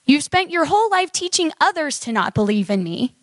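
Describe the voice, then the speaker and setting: A woman's voice: high-pitched, sing-song, brisk, no echo, studio quality, pitched above the performer's own voice. A woman voicing God as a stern heavenly voice in a told joke. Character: heavenly voice of God speaking to a man.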